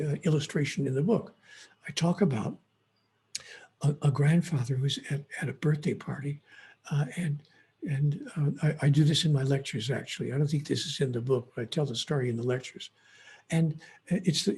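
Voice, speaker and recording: Male author guest, fairly high voice, gravelly and husky, earnest and emphatic. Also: warm tone. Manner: earnest, emphatic, many restarts. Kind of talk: impassioned interview storytelling.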